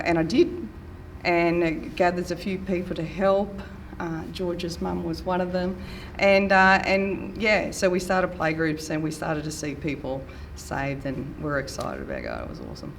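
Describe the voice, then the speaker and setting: A woman's voice: sits low, vocal fry, slight background noise. A middle-aged woman from Australia tells her faith story in an earnest, enthusiastic way. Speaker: church member giving testimony. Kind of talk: storytelling testimony.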